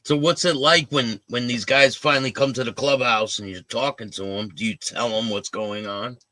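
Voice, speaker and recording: A man's voice: medium pitch, steady tone, moderate pace, pushed and bright, dry recording. A man interviewing a guest, mostly giving short replies and brief questions. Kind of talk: casual interview.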